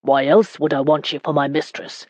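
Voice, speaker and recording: A woman narrator voicing a hot-tempered English nobleman in an audiobook, speaking bluntly and forcefully. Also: sits low, fairly even intonation, moderate pace, no room sound.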